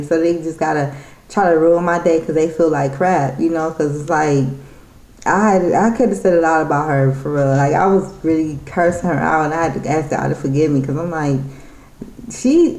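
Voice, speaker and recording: A woman's voice: deep voice, a little mellow, roomy sound. A woman telling a story in a casual vlog, rambling and irritated, with many restarts. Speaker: vlogger.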